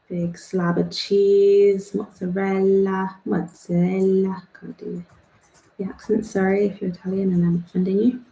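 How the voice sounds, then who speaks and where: Chatty young woman with a gravelly voice. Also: lowish voice, level tone, normal speed, long pauses, mellow. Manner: rambling and self-deprecating, laughs at herself. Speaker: art club host. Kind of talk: chatty drawing tutorial. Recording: echoey room.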